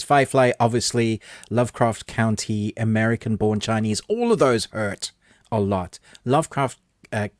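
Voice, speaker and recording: Brief: male podcast co-host, lowish voice, dry close sound, upbeat chatter. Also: no echo. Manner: chatty and enthusiastic, with frequent laughs. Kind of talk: casual chat, reading out viewer comments.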